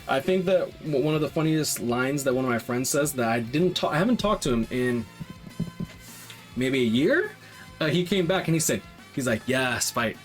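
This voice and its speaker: A man's voice: on the high side, expressive, normal speed, faint music behind. A man casually talking through game survey results as a YouTuber, rambling with lots of fillers and restarts. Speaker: gaming YouTuber.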